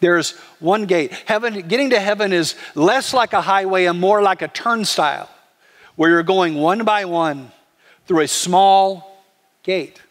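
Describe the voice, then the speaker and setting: A man preaching a sermon as pastor, conversational and animated. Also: sits high, unhurried, big-room sound. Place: church sanctuary.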